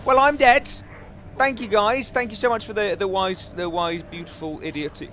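A man giving jokey, excitable commentary as he plays a video game, chatting to his viewers and taunting enemies. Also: high-pitched, moderate pace, a little hiss or hum. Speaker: gaming YouTuber. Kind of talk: casual Let's Play commentary.

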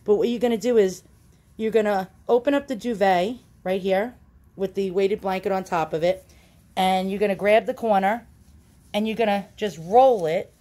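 A woman's voice: mid-range voice, moderate pace, dark tone. A chatty woman talks through a home demonstration, recorded indoors on a phone she holds in one hand. She is casual and self-deprecating, with lots of ums and uhs as she goes. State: out of breath at times. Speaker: YouTube channel host. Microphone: handheld phone.

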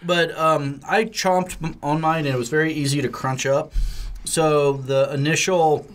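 A man's voice: on the high side, fairly even intonation, a little slow. A man co-hosting a podcast, chatting casually as he explains a candy with many fillers. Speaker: podcast co-host. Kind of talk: casual food-tasting chat.

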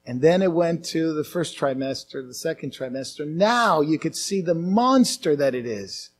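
A male pastor preaching a conference sermon, animated, slipping into mocking quoted voices. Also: a little high, normal speed. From outside the US.

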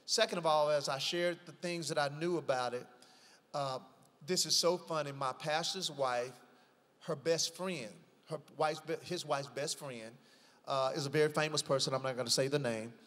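A man with a high voice, a pastor, tells his stories in an animated, preacherly way. His words ring out in a room with a long, lingering reverb. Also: moderate pace. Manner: lively, preacherly, breaks into laughter while telling stories. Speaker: pastor, guest. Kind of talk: animated storytelling in casual conversation.

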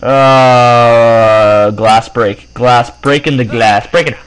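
A young man doing let's play commentary, excitable and prone to high yelps and shrieks. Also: unhurried, low-quality recording. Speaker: gameplay commentator.

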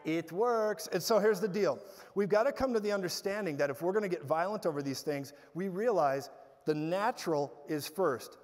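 A man preaching a sermon, telling stories in an animated way with bursts of loud laughter. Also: high voice. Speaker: guest preacher. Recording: hall reverb.

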